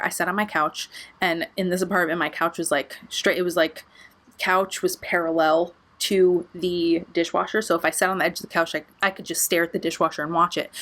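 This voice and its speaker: Casting: young woman, lowish voice, chatty storytime vlogger, sweary and full of filler words. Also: fairly bright tone. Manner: casual, profane, heavy filler words. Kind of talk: storytime vlog.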